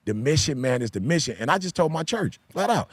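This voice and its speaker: A man with a somewhat high voice talks in a relaxed podcast chat, pressing his points like a pastor and hammering key phrases again and again. The sound is dry and close, with no room around it. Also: fairly quick, no echo. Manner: emphatic, repeats key phrases like a preacher. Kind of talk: casual podcast discussion.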